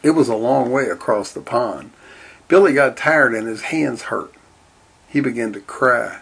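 A man reading a storybook aloud in a steady, deadpan way. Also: mid-range voice, measured pace, gravelly, slightly rough. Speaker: narrator.

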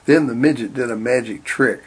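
A man reading a children's-style story aloud in a deadpan, matter-of-fact way. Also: medium pitch, a little fast, breathy edge. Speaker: narrator.

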